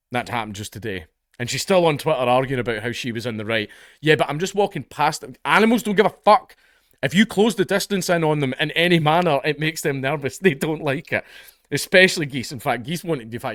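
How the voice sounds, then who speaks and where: A man's voice: mid-range voice, expressive, quick pace, a bit bright, dry recording, studio quality. A Scottish man hosting comedic news commentary, blunt, profane and exasperated. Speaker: online commentary host.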